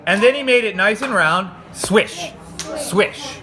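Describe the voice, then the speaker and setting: Reading a kids' storybook to listeners, this North American man keeps things chatty and full of jokes, voicing the sound effects and adding remarks as he goes. His voice is high and his delivery brisk.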